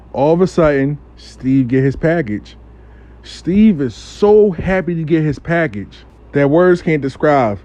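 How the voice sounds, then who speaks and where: Dude telling a story, slangy and cussing, kinda high voice, dull lo-fi sound. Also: male voice. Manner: slangy, profane, animated retelling. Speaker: storyteller, spiritual practitioner. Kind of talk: casual storytelling.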